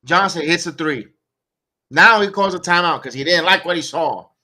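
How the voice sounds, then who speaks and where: A man with a bright, fairly high voice calls a basketball game live for fellow fans. He reads out scores and plays in short bursts and swings between dry sarcasm and heated complaints about the coaching. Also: normal speed. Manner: excitable, sarcastic, rants at the coach. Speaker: watch-along play-by-play host. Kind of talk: live fan play-by-play commentary.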